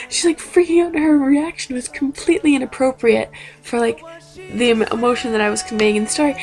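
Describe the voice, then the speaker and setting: A young woman in her twenties tells stories in a chatty video diary, her voice gravelly and pitched a little high. She acts out quotes with animated jumps in tone, and faint music plays behind her. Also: fast. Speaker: vlogger. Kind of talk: casual storytelling vlog.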